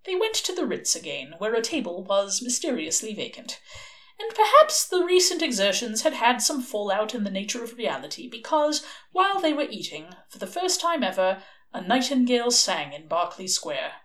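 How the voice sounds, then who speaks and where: A woman's voice: a little high, moderate pace. Lilting woman reading a novel aloud. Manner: expressive, lilting storytelling. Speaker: narrator. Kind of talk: audiobook reading.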